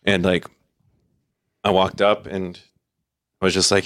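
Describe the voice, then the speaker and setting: A man's voice: deep voice, monotone, moderate pace, pauses often, a bit bright, no room sound, studio quality. A man, a metal vocalist, telling tour stories in casual chat, rambling with many fillers and restarts. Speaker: podcast guest, metal vocalist.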